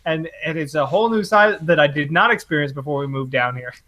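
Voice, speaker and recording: A man with a bright, slightly high voice chats casually on a podcast. He rambles and restarts, joking at his own expense and swearing often. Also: quick pace. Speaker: podcast host. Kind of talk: casual chat.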